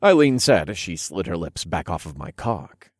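Man, first-person erotic narration, lowish pitch, hushed and unhurried, dry close recording. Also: big pitch swings, dry recording. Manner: low, hushed, unhurried storytelling.

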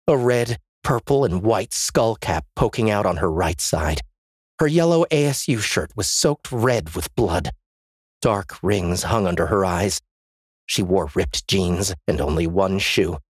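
A man's voice: fairly low pitch, husky, no echo, studio quality. A man narrating a first-person story as an audiobook, in a tense, dramatic reading.

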